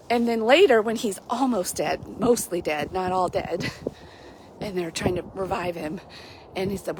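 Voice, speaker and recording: Middle-aged lady chatting thru a devotional livestream, lively, laughs a lot, some faint background hum. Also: mid-range voice, normal speed. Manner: chatty and animated, with frequent laughs and asides. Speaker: Christian life coach. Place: outdoors on a mild day.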